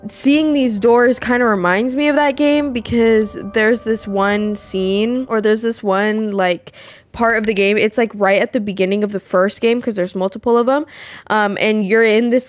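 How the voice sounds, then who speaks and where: A woman's voice: medium pitch, steady tone, moderate pace, no echo. A young adult woman giving casual gameplay commentary, chatty and exclamatory, swearing and laughing often. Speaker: gameplay video creator.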